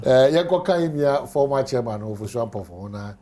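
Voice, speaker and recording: A man's voice: mid-range voice, expressive, fast, mellow. A man hosting a TV morning show, interjecting and sending playful greetings. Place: TV studio.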